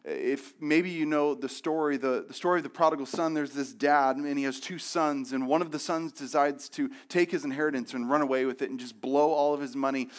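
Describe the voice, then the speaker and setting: A young man preaches with a high, lively voice, leaping into raised, animated voices whenever he acts out the people in his stories. Between those bursts he drops back down to a plain, conversational delivery, talking straight to his listeners. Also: a little fast, hardly any pauses. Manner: animated storytelling, acting out quotes in raised voices. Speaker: pastor. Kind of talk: sermon with acted-out stories.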